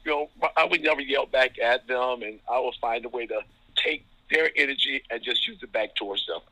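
A man from Ohio, a basketball referee, telling anecdotes about coaches in a relaxed interview, chuckling often. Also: medium pitch, a little fast, no echo, low-quality recording. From Toledo, Ohio. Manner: chuckling, anecdotal, lots of fillers. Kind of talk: casual storytelling interview.

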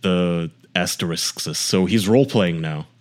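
A young man with a notably deep voice co-hosts a casual podcast. He delivers dry, sarcastic remarks in an offhand way. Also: unhurried. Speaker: podcast co-host.

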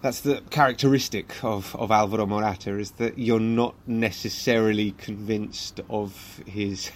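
Chatty male football podcast host. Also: lowish voice. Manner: chatty, lively, runs through results in quick rundowns. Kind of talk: casual football podcast chat.

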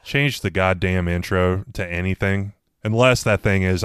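Deep, smooth-voiced man bantering crudely. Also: moderate pace, fairly bright tone, no echo, studio quality. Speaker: podcast co-host. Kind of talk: casual chat.

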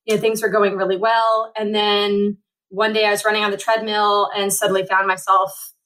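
A woman's voice: mid-range voice, little pitch movement, normal speed, fairly bright tone, poor audio. Chatty woman in her forties. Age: 40s. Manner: rambling, frequent fillers and restarts. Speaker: Paralympic triathlete guest. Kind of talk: conversational interview storytelling.

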